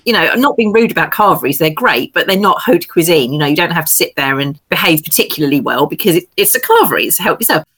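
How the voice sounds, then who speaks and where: A middle-aged woman from England, a novelist guest telling lively, self-deprecating stories in casual chat. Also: deep voice, quick pace, few pauses, husky.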